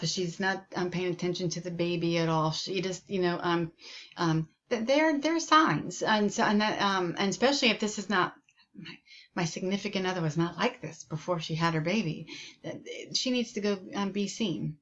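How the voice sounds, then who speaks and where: A woman's voice: lowish voice, moderate pace, fairly bright tone, lo-fi sound. Woman nursing instructor, lots of ums. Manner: many ums, conversational and repetitive. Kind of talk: recorded lecture.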